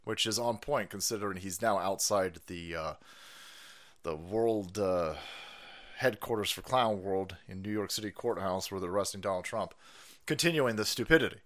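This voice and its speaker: A man's voice: low-pitched, normal speed, fairly bright tone. A man hosting a livestream, ranting through profane political commentary and laughing often. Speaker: livestream host.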